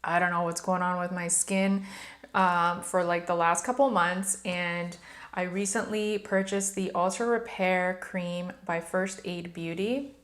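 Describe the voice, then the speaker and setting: A woman's voice: on the low side, fairly even intonation, unhurried, fairly bright tone. A woman beauty vlogger chatting casually and upbeat to her viewers, with frequent fillers. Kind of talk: casual haul vlog talk.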